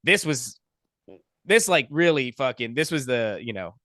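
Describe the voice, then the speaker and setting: A young adult man, a podcast guest, telling a personal story in a profane, animated, casual way. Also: mid-range voice, unhurried, dry recording, clean studio sound.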